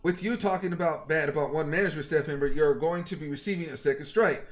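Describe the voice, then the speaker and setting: A man's voice: on the high side, fast talker. A young man streamer angrily retelling an argument to his chat, heated and profane, quoting both sides of the exchange. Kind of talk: angry ranting story to stream chat.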